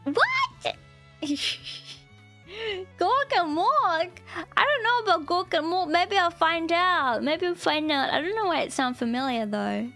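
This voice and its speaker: A VTuber streamer chats with her viewers in a bubbly, giggly way, rambling and saying "like" a lot. Her very high-pitched, expressive voice is gravelly with a sharp tone, moving at normal speed with few pauses over soft background music.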